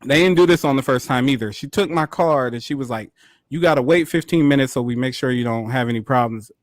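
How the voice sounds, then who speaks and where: A man with a mid-range voice co-hosts a podcast, telling a story casually and with animation, packed with profanity and quick bursts of laughter. The sound is clean studio audio with no room sound.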